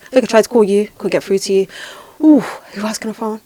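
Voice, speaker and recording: A woman hosting a podcast, telling a spiritual experience in a lively, dramatic way with repeated phrases. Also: mid-range voice, quick pace, no echo. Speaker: podcast host and spiritual healer. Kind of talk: casual podcast storytelling.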